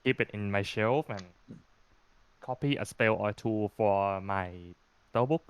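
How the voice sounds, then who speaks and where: A man with a lowish voice chats casually as a player in a tabletop game. He speaks hesitantly and pauses often. The recording is dry and close. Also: smooth, no room sound. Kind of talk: casual chat.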